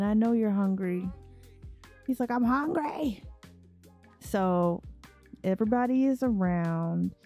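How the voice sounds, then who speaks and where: Woman, unhurried let's play chatter, mellow tone, faint music behind. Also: mid-range voice. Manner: chatty, talks to her characters. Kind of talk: casual gameplay commentary.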